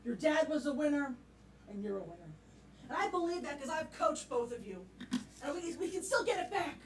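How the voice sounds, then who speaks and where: A woman's voice: high voice, expressive, fairly quick. Emotional football coach, played by a woman, rambling pep talks, roomy live stage sound. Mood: earnest. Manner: rambling, choked-up pep talk. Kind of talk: live improv scene. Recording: echoey stage sound from a distant mic.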